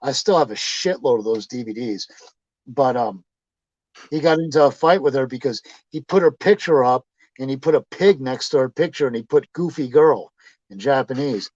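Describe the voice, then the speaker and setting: Here a guest in a casual chat spins rambling, profane tales, swearing and laughing as he goes. He speaks at medium pitch and normal speed in a slightly mellow voice with no room sound, and the recording is dull, dry lo-fi.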